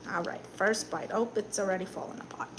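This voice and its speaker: A woman's voice: medium pitch, quick pace, noisy background. A woman with a Brooklyn accent hosting a casual live stream as a comedic aunt, chatting sassily and answering the chat while she eats. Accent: New York, Brooklyn.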